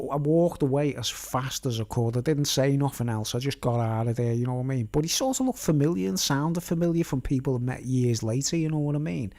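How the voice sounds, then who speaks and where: With a medium-pitched, slightly mellow voice, this middle-aged Merseyside man vlogs a meandering story. He keeps ending his lines with "right?" or "you know what I mean?"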